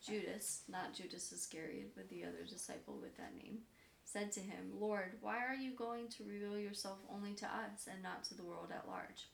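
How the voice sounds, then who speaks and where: Bible study member, woman, gravelly, steady scripture reader; distant, roomy recording. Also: medium pitch, normal speed. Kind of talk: reading scripture aloud. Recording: echoey room, from a distance, faint noise.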